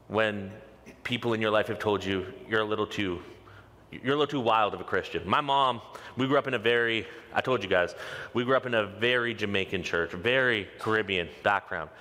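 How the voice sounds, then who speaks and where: A male pastor preaching a sermon with passion, leaning on slow, emphatic repeated lines. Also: on the low side, sharp tone. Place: church sanctuary. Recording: long reverb of a large hall.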